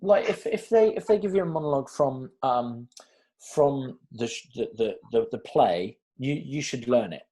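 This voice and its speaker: A British man speaks in a casual Q&A about auditions, his voice mid-pitched and ordinary. He tells his stories with animation, acting out the lines he quotes, often restarting his sentences. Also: normal speed. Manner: animated storyteller who acts out quotes, many restarts. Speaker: casting director. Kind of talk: casual Q&A advice.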